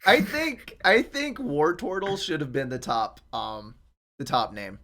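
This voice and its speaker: A man's voice: a little high, animated, unhurried, a loud crowd. A man co-hosting a gaming podcast in casual chat, telling things with chuckles and animation.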